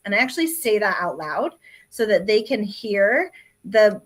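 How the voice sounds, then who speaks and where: A woman's voice: medium pitch, very animated, normal speed. A middle-aged woman talking casually on a panel, thoughtful and hedging, with lots of ums and asides. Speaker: re-parenting panelist.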